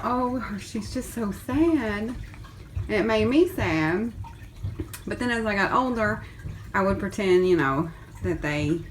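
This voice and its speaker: Lady filming her foster kittens, slow easy talk, cooing at them, faint room noise. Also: fairly low pitch, poor audio. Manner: chatty, coos and baby-talks to the kittens. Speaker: cat fosterer filming a vlog. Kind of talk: casual vlog chat. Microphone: handheld camera.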